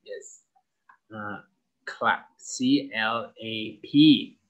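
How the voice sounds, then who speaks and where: A man teaching English to young pupils, spelling out words letter by letter and repeating each word clearly for practice. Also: on the low side, steady tone, very slow, fairly bright tone, dull audio. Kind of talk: slow, clear classroom instruction.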